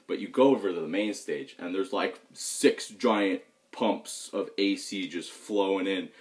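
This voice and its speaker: A young pro gamer vlogs about tournaments in a low-pitched voice, speaking a little slowly. His chat is loose, rambling, and frank.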